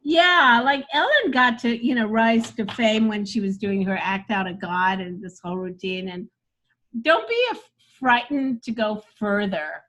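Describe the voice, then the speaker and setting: Animated woman coach who laughs often. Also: mid-range voice. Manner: laughs often, reads jokes aloud, quick and animated. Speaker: comedy coach. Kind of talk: casual workshop chat.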